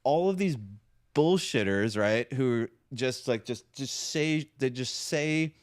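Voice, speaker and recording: A podcast co-host rants through a casual chat, cursing often and packing his speech with "like" and "right?". His medium-pitched voice is expressive, slow, and clean. The recording is dry and studio quality.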